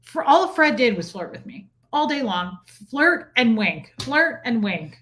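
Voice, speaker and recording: A woman's voice: fairly high pitch, sing-song, unhurried, fairly bright tone, a little hiss or hum. A middle-aged woman co-hosting a casual chat show, talking in a brash, bawdy, flirtatious way. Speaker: podcast co-host. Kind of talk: casual chat reading live comments.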